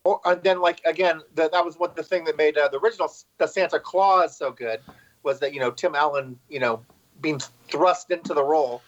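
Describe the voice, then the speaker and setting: A man with a rather high-pitched voice recaps movie scenes in a loose, chatty way. He repeats words and leans on "like" as filler. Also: fairly quick, dull audio. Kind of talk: casual movie discussion.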